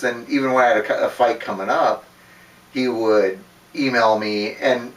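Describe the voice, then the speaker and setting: A man's voice: mid-range voice, a bit bright. A man telling a personal story in a casual, rambling way, swearing often and laughing between words. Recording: roomy, distant from the mic.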